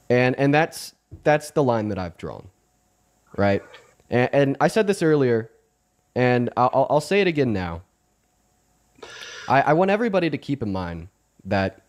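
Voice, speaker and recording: Earnest male streamer, stumbling restarts. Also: medium pitch. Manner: earnest, repetitive, many restarts. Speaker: livestream host. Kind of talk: livestream commentary.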